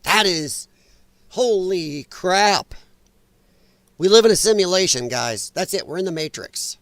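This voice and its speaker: A man with a high-pitched, animated voice talks a little slowly, his tone slightly bright and the sound free of any room echo. He hosts a casual political commentary livestream on his own microphone, chatty and sarcastic, laughing often, with a slight strain in his voice.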